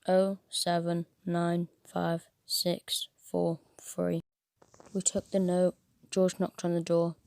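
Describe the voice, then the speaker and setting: A woman narrating a first-person horror story in an even, steady reading manner. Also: lowish voice, vocal fry, no room sound.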